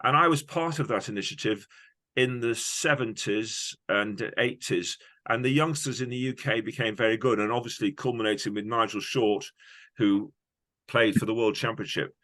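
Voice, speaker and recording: A man's voice: fairly low pitch, normal speed, a bit bright. A man in his sixties from the United Kingdom, answering questions as a guest in a polite, easygoing way. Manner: polite, easygoing, apologetic when mishearing. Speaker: interview guest. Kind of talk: casual interview chat.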